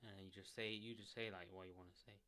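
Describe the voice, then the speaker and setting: Low-pitched and fast-talking, a man sits in a chair and offers casual self-help advice into a desk mic. He rambles loosely and relaxedly, with lots of "like," fillers, and restarts, in a solo advice talk.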